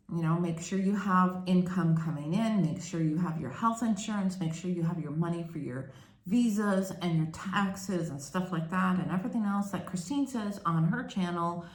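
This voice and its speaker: A woman from Canada, telling her story candidly in a chatty, casual vlog. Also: fairly low pitch. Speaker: vlogger. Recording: echoey room.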